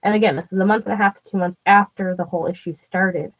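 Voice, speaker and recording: A woman vlogger tells stories in a casual, rambling way, packed with "like," restarts and swearing. Her medium-pitched voice is fairly even and fast. The lo-fi recording sounds dull, with faint music behind her.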